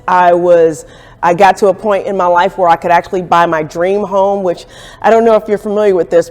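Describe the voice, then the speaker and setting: A woman's voice: medium pitch, darkish tone. A woman who owns a business, recounting her beginnings in a candid documentary interview and acting out the quoted dialogue. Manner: candid, reflective storytelling with acted-out quotes. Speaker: entrepreneur telling her story. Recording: echoey room with long reverb.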